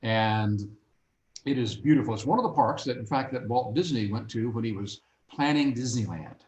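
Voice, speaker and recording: Animated storytelling man in an echoey room. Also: medium pitch, moderate pace, slight background noise. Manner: animated, acts out voices in anecdotes. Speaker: guest. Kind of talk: casual storytelling. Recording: roomy echo.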